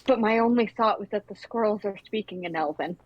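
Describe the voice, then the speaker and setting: Woman, tabletop player, halting, sheepish, casual chat. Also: mid-range voice, dry recording, dull audio.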